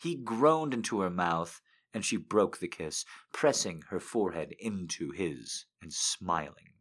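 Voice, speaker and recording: A man hosting a live show, reading a story aloud and then chatting casually, animated and swinging between hushed and loud. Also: sits low, unhurried. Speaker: reader and live show host.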